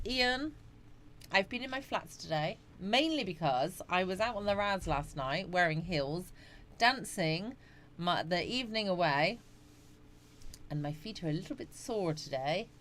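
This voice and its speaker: A woman's voice: medium pitch, lively intonation, a little slow, a bit bright, a little hiss or hum. Chatty woman hosting a livestream. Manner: chatty, greets viewers by name, frequent yawns and laughs. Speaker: livestream host. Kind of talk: casual live chat reading out viewer comments.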